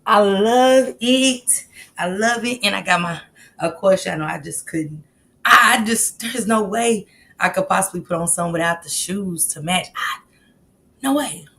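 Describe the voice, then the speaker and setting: A woman hosts a casual live stream. She chats in a lively way and greets viewers in the chat one by one by name. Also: lowish voice, normal speed, gravelly, slightly rough.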